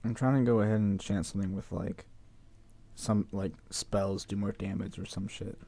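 A man casually commenting on his game, joking and teasing with crude deadpan humor. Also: on the low side, normal speed, gravelly. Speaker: gamer playing on stream.

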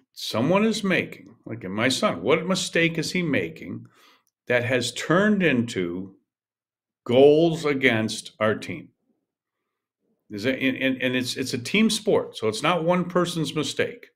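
Emphatic older man coaching, lively pitch. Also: slow. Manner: emphatic, repetitive, restarts often. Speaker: podcast host, golf coach. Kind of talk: solo podcast monologue.

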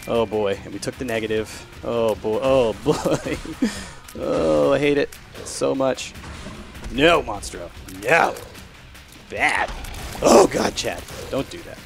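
A man talks his way through a video game run, mid-pitched and chatty. He drops to a hush when he concentrates and swears out loud when it goes wrong, with soft game music underneath. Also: vocal fry. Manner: chatty, swearing, swings from hushed focus to loud frustration. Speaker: gameplay commentator. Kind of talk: live gameplay commentary.

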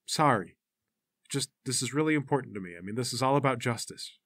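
A man's voice: mid-range voice, lively intonation, brisk, a bit bright, dry recording, studio quality. A man voicing a pushy, self-righteous teenage boy who leads a gang and keeps preaching and bossing others around in a tabletop game. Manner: insistent, preachy, controlling.

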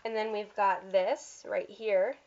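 In dull lo-fi sound, a vlogger with a medium-pitched, steady, slightly mellow voice moves slowly through a holiday catalog. Her walkthrough is casual, chatty, and gushing, with fillers and little slips.

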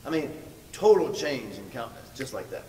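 A man's voice: mid-range voice, sing-song, normal speed, a little mellow. A male pastor telling a story in a sermon, stressing words by repeating them. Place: large church hall. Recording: echoey hall from far off, faint noise.

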